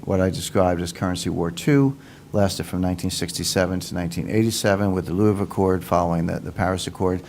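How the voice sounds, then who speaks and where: A man's voice: sits low, quick pace, darkish tone, a little hiss or hum. A man giving a confident, emphatic explanatory talk as an economics commentator, repeating his points and building analogies.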